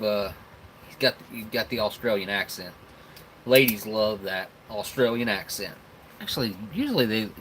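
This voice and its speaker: A man's voice: medium pitch, a bit bright, a little hiss or hum, poor audio. A man with a Southern rural American accent hosting a casual live stream, rambling and chuckling as he tastes snacks and talks with his mouth full.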